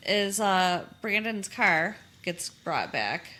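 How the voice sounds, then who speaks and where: A woman co-hosting a podcast, recapping a TV episode in a lively, conversational way with fillers. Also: medium pitch, takes it slowly. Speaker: podcast co-host. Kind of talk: casual chat recapping a TV episode.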